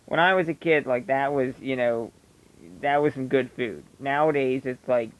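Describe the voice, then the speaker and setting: A man with a Delco accent, the Philadelphia-area sound, delivers a blunt, opinionated rant to his viewers. His pitch sits right in the middle for a man. He talks casually and emphatically, with no polish. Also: moderate pace, smooth, poor audio. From Delaware County, Pennsylvania. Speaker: vlogger. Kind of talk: casual ranting monologue.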